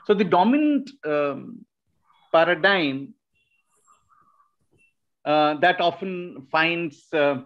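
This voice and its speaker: Speaking in an online academic webinar, this Shillong native keeps stopping, restarting his sentences and dropping in fillers. His voice sits on the high side with lively intonation, heard through muffled webinar sound.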